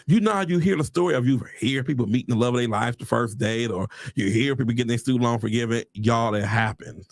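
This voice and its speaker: A man talks casually to his livestream viewers, calling them y'all. His gravelly voice swings widely in pitch, and he breaks into churchy exclamations. The sound is close and dry. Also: fairly quick, no echo. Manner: animated, preacher-like exclamations, addresses viewers as y'all. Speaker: realtor livestreaming to followers.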